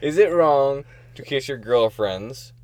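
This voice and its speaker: A man's voice: medium pitch, animated, slow, darkish tone, no room sound. A man co-hosting a casual podcast, teasing his friend with crude humor and giggling. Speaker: podcast co-host. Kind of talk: casual joking chat.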